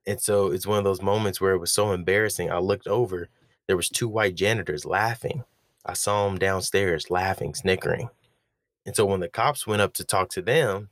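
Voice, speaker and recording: Deep-voiced man, dry close sound. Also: no room sound. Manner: animated retelling, acting out quoted voices. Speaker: spoken-word poet explaining his poem. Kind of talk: reflective commentary with personal storytelling.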